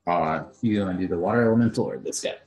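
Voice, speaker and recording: Deep-voiced man running a tabletop game. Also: fast talker. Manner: relaxed, casual, with many fillers. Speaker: game master. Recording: roomy echo.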